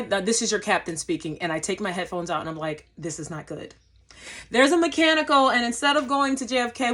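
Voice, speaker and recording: A woman's voice: mid-range voice, fairly bright tone. A young woman, a flight attendant, telling a travel story in a casual vlog, acting out her own lines and using lots of fillers.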